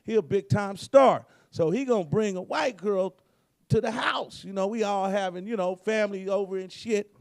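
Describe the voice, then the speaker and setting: A man tells profane comedy stories in a high, gravelly, hoarse voice. He keeps it laid-back and acts out the people he quotes. The recording is dry and close. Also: moderate pace, dry recording. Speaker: guest comedian. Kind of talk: storytelling comedy.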